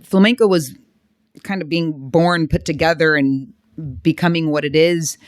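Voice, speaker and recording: A woman from San Diego, a flamenco dancer, explaining her art in measured phrases during a podcast interview. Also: sits low, no room sound, clean studio sound. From San Diego, United States.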